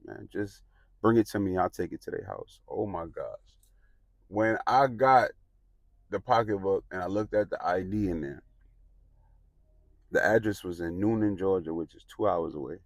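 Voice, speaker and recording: A man telling a personal story in a casual, animated way, acting out the quotes. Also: low-pitched, creaky, no room sound. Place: outdoors in the sun.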